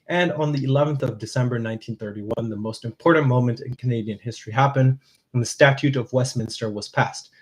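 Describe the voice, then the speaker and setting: Male narrator, scripted history read, measured and dry, mid-pitch. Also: rough recording.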